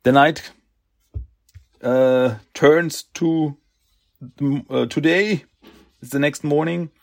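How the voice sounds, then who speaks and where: Podcast guy retelling a comic, slow and halting, lots of uh and like, mid-pitched voice. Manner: slow, halting, many fillers and restarts. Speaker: podcast host. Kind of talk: casual comic book recap.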